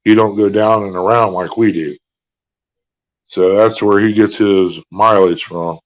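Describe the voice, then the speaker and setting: A man hosting a live stream, chatting in a slow, folksy drawl. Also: lowish voice, steady tone, muffled recording. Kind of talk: casual chat. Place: hospital room.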